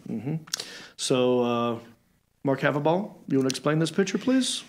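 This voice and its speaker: A man hosting a casual comedy chat show, animated and teasing as he jokes with his co-hosts. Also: mid-range voice, normal speed. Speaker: show host.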